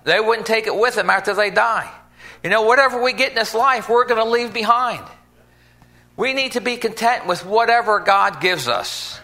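A man's voice: high voice, normal speed, sharp tone. A man preaching an informal sermon in a folksy, conversational way, acting out little scenes as he goes.

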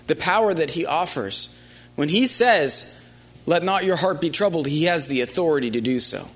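A man preaching a conversational sermon, often restarting phrases and dropping into a quiet, low voice for quoted lines. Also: lively intonation, normal speed.

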